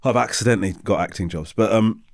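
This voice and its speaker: A man hosting a casual interview, self-deprecating and quick to laugh, often restarting his sentences. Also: fairly low pitch. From England. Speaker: host.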